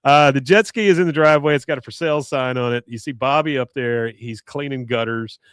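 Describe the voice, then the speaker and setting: A man's voice: mid-range voice, fairly quick, smooth, no echo. Man recapping a sitcom episode, dry sound. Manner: animated retelling, acts out characters' lines. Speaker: podcast co-host.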